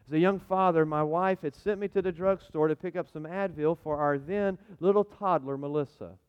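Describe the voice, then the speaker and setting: A middle-aged man preaching a sermon, telling stories and swinging from hushed tones to near shouting. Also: a little high, big-room sound, dull audio. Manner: dramatic re-enactment of his own cries. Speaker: pastor.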